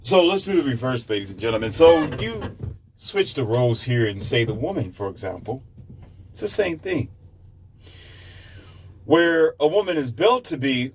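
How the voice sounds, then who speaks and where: Male commentator, preachy lecturing delivery, mid-pitched. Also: sing-song, moderate pace, pauses often, a little hiss or hum. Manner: lecturing, preachy, addresses listeners. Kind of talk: opinion monologue.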